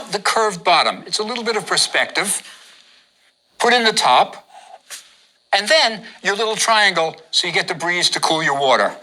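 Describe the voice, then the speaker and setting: A man's voice: sits high, pushed and bright, low-quality recording. A man teaching how to draw hieroglyphs, giving patient step-by-step instructions and repeating each step. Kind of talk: step-by-step drawing lesson.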